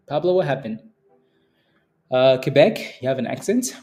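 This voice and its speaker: A man's voice: mid-range voice, sing-song, moderate pace, long pauses, dark tone. A young adult man hosting a live stock trading stream, chatting casually and teasing his viewers, repeating phrases and laughing often. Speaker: stock trading livestream host. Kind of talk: casual livestream chat reading the chat.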